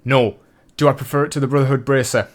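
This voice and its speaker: A man narrating a video game review, chatty and excitable, turning rambling and self-deprecating as he thinks aloud. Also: mid-range voice, fast talker. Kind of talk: scripted review narration and off-the-cuff ranking.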